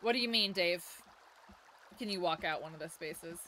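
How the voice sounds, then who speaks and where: A woman's voice: fairly low pitch, normal speed, sharp tone, a little hiss or hum. A woman streaming a game, chatting casually, laughing often and fighting off the hiccups. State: has the hiccups. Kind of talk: casual gameplay chat.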